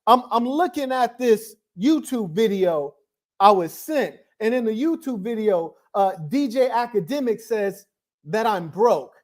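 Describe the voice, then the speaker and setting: A man's voice: sits high, lively intonation, unhurried. A man hosting a reaction podcast, boasting and mocking a rival in commentary. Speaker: podcast host.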